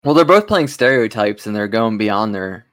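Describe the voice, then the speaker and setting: Blunt man, low voice, dry sound. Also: animated, normal speed, a bit bright, dry recording. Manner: opinionated, blunt. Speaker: podcast co-host. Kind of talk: casual chat.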